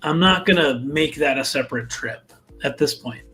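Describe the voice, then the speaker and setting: A man's voice: fairly high pitch, moderate pace, sharp tone, soft background music. A man hosting a live fragrance chat, talking in a rambling, laid-back way full of fillers. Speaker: fragrance channel host.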